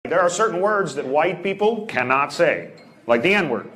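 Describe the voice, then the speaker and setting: A male stand-up comedian working a club stage, setting up dry one-liners and needling the crowd between bits. His voice sits a touch higher than most men's. The live stage recording has loud noise running under everything. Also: normal speed. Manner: deadpan one-liner delivery; crowd work, teasing the audience.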